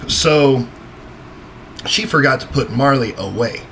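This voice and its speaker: A man's voice: medium pitch, slow, gravelly, fairly bright tone, slight background noise. A man co-hosting a casual talk show, telling a story in a laid-back way, swearing and laughing often. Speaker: podcast co-host.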